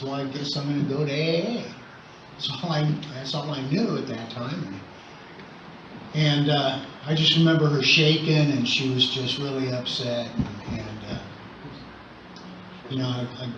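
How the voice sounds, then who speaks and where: An older man sharing his recovery story at a meeting, talking in a conversational way with wry humor. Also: medium pitch. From Southern California. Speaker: AA meeting speaker. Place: meeting hall. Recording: roomy, distant, muffled with noise.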